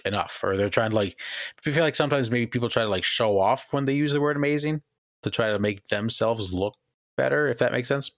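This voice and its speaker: A man's voice: lowish voice, fairly bright tone, no room sound, clean studio sound. A man co-hosting a casual podcast, easygoing and self-deprecating as he chats. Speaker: podcast co-host. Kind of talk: casual chat.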